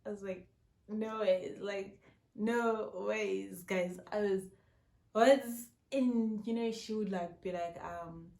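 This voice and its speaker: A young woman in her twenties with a South African accent, telling a story in an excitable, chatty vlog style at home. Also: mid-range voice, slow, creaky. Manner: excitable, many fillers like "yo, guys". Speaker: vlogger. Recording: roomy echo.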